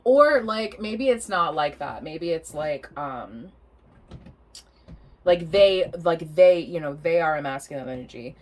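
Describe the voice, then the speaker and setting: A woman's voice: low-pitched, lively intonation, a little slow, a little mellow. A young adult woman giving a casual tarot reading, rambling and chatty, laughing often and swearing freely. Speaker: tarot reader.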